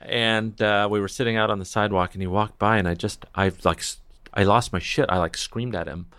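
A man's voice: fairly low pitch, fairly even intonation, brisk, fairly bright tone, clean tone, no room sound. A man conducting a conversational interview, asking short questions and jumping in with eager asides of his own.

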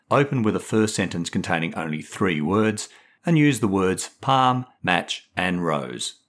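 A man reads his own short fiction aloud. His voice sits on the low side and rises and falls a lot. He tells the story with lively, expressive delivery. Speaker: writer and narrator.

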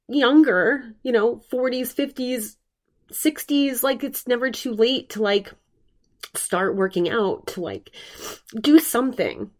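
A woman's voice: a little high, darkish tone. Earnest rambling woman podcast host. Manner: rambling, earnest, many restarts and fillers. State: emotional, recovering from covid. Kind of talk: solo podcast monologue.

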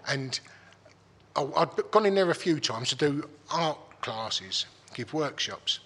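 Animated but a little slow, a middle-aged man from East London speaks as an interview guest, loose and rambling, with restarts and casual swearing. His husky voice is bright, forceful and slightly high-pitched, echoing with long reverb.

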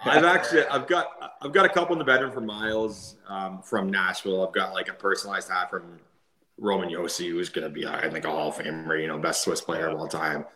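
A man's voice: low-pitched, steady tone, fairly quick, roomy sound. A man in his thirties, a former player and podcast guest, telling stories in a chatty way, laughing often. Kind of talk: casual storytelling.

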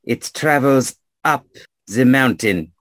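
A man's voice: mid-range voice, animated, takes it slowly, fairly bright tone, dry recording. A man voicing a teasing, evasive Vistani man with a put-on French accent. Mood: sly. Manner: teasing, playful.

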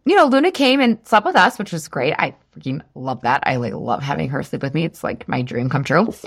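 A woman's voice: sits low, very animated, brisk, vocal fry. A woman in her thirties hosting a casual solo podcast, chatty and full of "like", laughing at herself. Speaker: podcast host.

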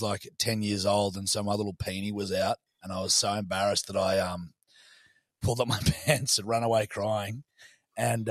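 A man's voice: fairly low pitch, dry recording. A man, co-hosting a podcast with sweary, laughing banter. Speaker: podcast co-host. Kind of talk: crude casual banter.

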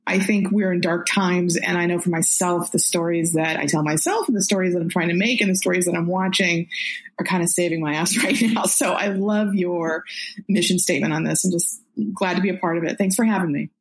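Husky-voiced chatty woman guest. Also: on the low side, steady tone, brisk. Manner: chatty, lots of "like", laughs easily. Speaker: television executive, podcast guest. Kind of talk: casual interview chat.

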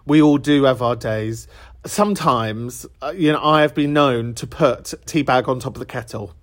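Camp guy hosting a podcast, chatty, laughs a lot, middle pitch. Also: normal speed. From England. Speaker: podcast host. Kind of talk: casual chat answering voicemails.

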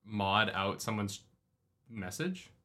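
A man co-hosting a casual livestream book club, talking in an animated, joking way and laughing often. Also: fairly low pitch, takes it slowly. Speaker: co-host of a book club stream.

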